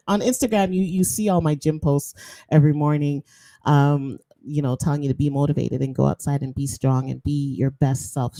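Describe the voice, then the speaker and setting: A chatty woman host, talking casually and slipping into patois between laughs. Her voice sits low and mellow. The recording is dry and close. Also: moderate pace, dry recording. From Jamaican roots. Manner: chatty, animated, laughs often, slips into patois. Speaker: podcast host. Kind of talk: casual chat.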